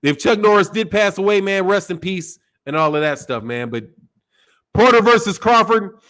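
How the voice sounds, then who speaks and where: A man hosting a boxing channel, giving animated, profane opinion commentary and acting out quoted voices. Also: sits high, normal speed, low-quality recording. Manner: animated, acts out quoted voices, curses freely.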